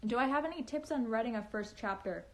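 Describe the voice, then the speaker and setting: A young woman with a fairly high voice talks on a phone live stream. Her speech has a chatty valley-girl lilt, with frequent giggles and lots of "um" and "like." She rambles in a relaxed, casual way. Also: quick pace. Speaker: livestreaming author.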